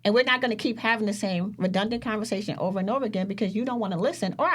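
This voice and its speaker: A woman's voice: mid-range voice, very fast. Blunt, foul-mouthed woman podcaster. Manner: blunt, swears freely, acts out quotes. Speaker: podcast co-host. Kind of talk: casual chat.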